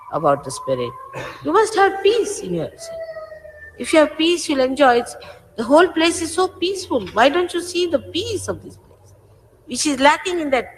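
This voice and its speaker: A woman, a spiritual teacher, gives an informal, emphatic sermon, admonishing her followers. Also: high-pitched. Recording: echoey hall with faint hiss.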